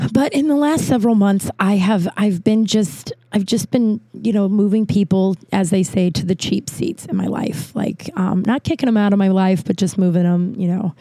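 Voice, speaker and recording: Chatty woman comic rambling thru a story, swears a lot, mellow voice, dry close sound. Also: medium pitch, gravelly, no room sound. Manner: rambling, profane, animated with voiced quotes. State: out of breath. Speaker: comedian and podcast host. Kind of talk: casual storytelling monologue.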